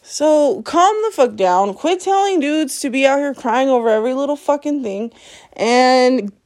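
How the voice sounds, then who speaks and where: A woman's voice: high voice, lively intonation, normal speed, darkish tone. A woman hosting her own podcast, ranting bluntly and profanely at her listeners, scolding them and laughing between lines. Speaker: podcast host. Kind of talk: solo podcast rant.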